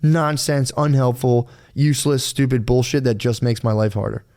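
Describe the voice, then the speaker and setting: Fairly even in intonation and moderate in pace, this man's darkish mid-range voice carries his casual podcast co-hosting. He rambles over his own experiences, swears freely, and quotes himself in other voices.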